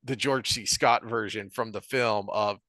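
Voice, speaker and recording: A man's voice: lowish voice, steady tone, bright, forceful tone, no room sound. A man co-hosting a podcast, casually discussing a book and reading passages aloud with lots of restarts. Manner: halting, reads passages aloud, many restarts. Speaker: podcast co-host.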